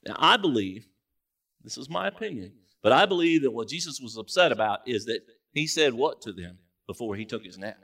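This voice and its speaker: A man preaching a sermon as pastor in a church, in a relaxed conversational way with joking asides. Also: medium pitch, fairly quick. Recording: distant mic in a church.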